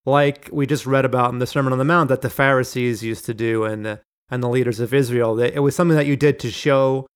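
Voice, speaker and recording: A man's voice: mid-range voice, steady tone, quick pace, smooth. Man teaching through Bible passages. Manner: explanatory, reads quotations aloud. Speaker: Bible study podcast host.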